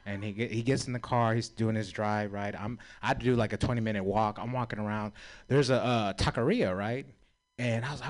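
A man's voice: mid-range voice, fast talker. A man doing a stand-up comedy set, crude and self-deprecating, laughing at his own jokes. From San Francisco.

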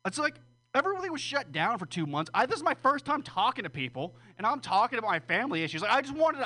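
A man's voice: very high-pitched, very animated, quick pace, sharp tone. A man doing a rambling, profane, self-deprecating stand-up set at an open mic. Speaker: stand-up comedian. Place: small comedy room with audience.

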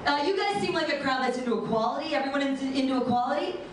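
A woman doing a bawdy stand-up comedy set with deadpan punchlines, recorded from far off in an echoey room. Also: high-pitched, racing, noisy background.

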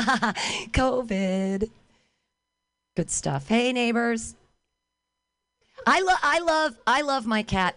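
A woman performing stand-up comedy outdoors on a street corner. She calls out to people walking past and makes fun of herself. Her voice sounds dry, with no echo. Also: on the low side. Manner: calls out to passers-by, self-mocking.

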